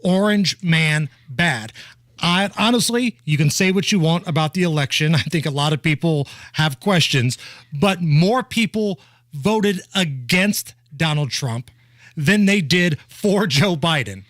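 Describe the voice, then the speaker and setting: A man's voice: fairly high pitch, animated, measured pace, a bit bright, dry recording. A man hosting a talk radio show, with a blunt, joking, scoffing manner, speaking into a studio microphone. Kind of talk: conservative talk radio chat.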